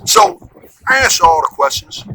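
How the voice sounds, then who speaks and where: A man's voice: sits high, normal speed, creaky, a little hiss or hum, low-quality recording. A man telling a comic story in a loose, conversational way, often checking in with "right?". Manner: animated, conversational, frequent "right?" asides. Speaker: comedian. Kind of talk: storytelling comedy monologue.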